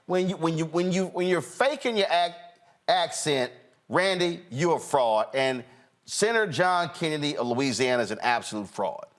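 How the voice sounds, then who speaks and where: A male talk-show host giving animated, mocking political commentary, often halting and restarting. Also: on the high side.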